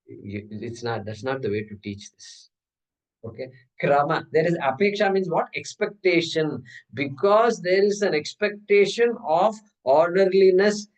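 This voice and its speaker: A Vedanta teacher in a class hall leads a scripture class, explaining things step by step, posing rhetorical questions, and chanting Sanskrit terms. His voice is a little high, and the audio is poor, picked up by a distant mic.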